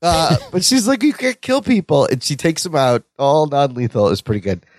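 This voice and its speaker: A man co-hosting a podcast, chatting casually and excitedly and laughing as he retells scenes. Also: a little high, moderate pace, no echo, studio quality. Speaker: podcast co-host. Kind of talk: casual chat.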